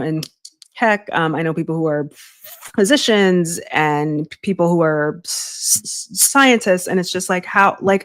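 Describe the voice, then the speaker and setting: A woman hosting a podcast interview, talking in a chatty way that circles around her point. Her voice sits low for a woman. The recording is close and dry. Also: fairly bright tone, no room sound. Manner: chatty, many fillers and restarts, laughs easily. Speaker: podcast host. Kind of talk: conversational interview.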